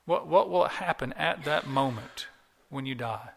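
A man delivers an earnest, emphatic sermon from the pulpit. His voice is bright and forceful, and it carries a long church hall reverb. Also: mid-range voice, lively intonation, measured pace, gravelly, slight background noise. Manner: earnest, emphatic preaching with repetitions. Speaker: pastor.

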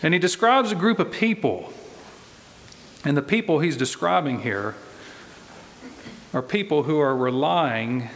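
A man preaching a sermon in a slow, deliberate way, pressing his points with emphatic repetition. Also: fairly high pitch, lively intonation, a bit bright, slight background noise. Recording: long reverb of a large hall.

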